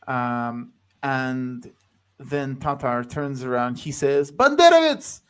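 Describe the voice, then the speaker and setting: A man speaking as a guest in a casual chat about a film, halting and loose, full of fillers and restarts. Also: medium pitch, little pitch movement, clear, resonant tone.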